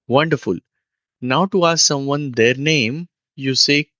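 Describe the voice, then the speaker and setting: A man teaching a beginner language lesson, speaking slowly and patiently and repeating each phrase for the listener to copy. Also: medium pitch, pushed and bright, no echo. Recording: dull lo-fi dry sound.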